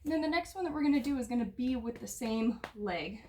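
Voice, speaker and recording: A woman's voice: on the high side, lively intonation, fast talker, darkish tone, a little hiss or hum. Slightly breathless woman counting workout reps. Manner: counting reps aloud while exercising. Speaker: fitness instructor. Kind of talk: follow-along workout instruction. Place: home workout space.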